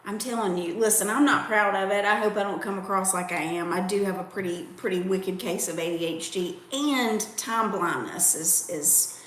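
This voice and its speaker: A woman's voice: mid-range voice, normal speed, fairly bright tone. A woman in her forties with a Southern US accent, co-hosting a casual livestream in a chatty, playful way. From American South. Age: 40s. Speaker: co-host. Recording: echoey room with faint noise.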